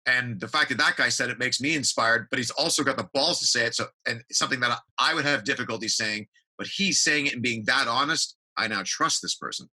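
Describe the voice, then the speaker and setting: A man's voice: mid-range voice, brisk, few pauses, bright, forceful tone, poor audio. A man chatting as a podcast guest, telling stories energetically, acting out quotes and swearing casually. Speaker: guest, TV builder. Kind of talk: casual interview chat.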